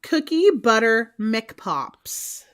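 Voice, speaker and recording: Chatty higher-voiced woman co-host. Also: sing-song, fairly bright tone. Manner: chatty, reads menu items aloud slowly. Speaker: co-host of a reseller livestream. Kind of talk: casual chat.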